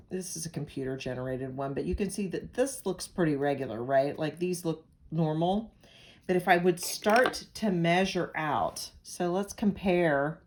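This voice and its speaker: A woman from Pennsylvania delivers a recorded lecture, working through a heart rhythm strip out loud. Her voice sits a little low, and she talks in a relaxed, conversational way, leaning on analogies and side remarks. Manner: conversational, explains with analogies and asides. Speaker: nursing instructor.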